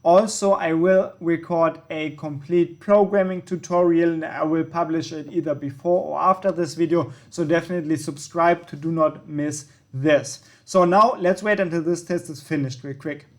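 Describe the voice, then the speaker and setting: Young guy, german first language, slightly higher voice, chatty tutorial host, fills pauses with um and yeah. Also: steady tone. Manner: casual, self-correcting with frequent ums and yeahs. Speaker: trading channel host. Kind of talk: screen-recorded tutorial walkthrough.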